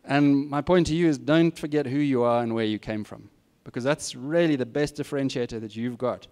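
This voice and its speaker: A man's voice: mid-range voice, brisk, a little mellow. A middle-aged man giving students candid, plain-spoken career advice with self-deprecating asides. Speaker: guest speaker. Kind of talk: informal advice talk to students.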